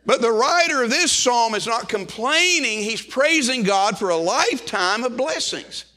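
A man's voice: extremely high pitch, lively intonation, moderate pace, pushed and bright. A middle-aged man preaching a sermon with impassioned delivery, often repeating and restarting words as he goes. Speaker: pastor.

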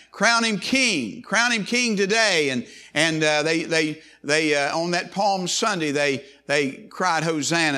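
Bright-voiced preacher man, emphatic. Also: on the high side. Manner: emphatic, repeats words, frequent pauses and restarts. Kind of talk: sermon.

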